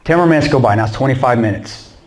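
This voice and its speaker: A man giving a storytelling talk to an audience in a church. He is animated, acts out the dialogue and laughs often. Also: mid-range voice, fast talker. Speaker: guest speaker.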